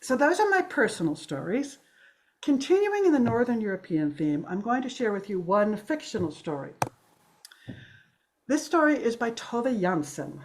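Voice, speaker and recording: A woman in her sixties telling a story to a live audience, playful and animated, swooping her voice up and down for effect. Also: fairly high pitch, moderate pace. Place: storytelling gathering.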